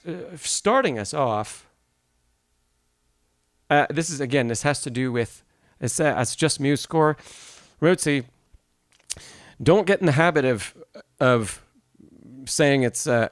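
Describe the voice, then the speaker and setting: A man with a medium-pitched voice teaches a live-streamed piano masterclass. He explains notation one step at a time, responds to questions from the chat, and sings rhythms to illustrate. The recording is close and dry, with no echo.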